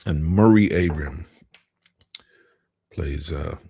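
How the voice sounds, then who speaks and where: Gravelly low-voiced man chatting on a stream. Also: slow, mellow. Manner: chatty, reads viewer comments aloud. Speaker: live stream host. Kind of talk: casual live-stream chat.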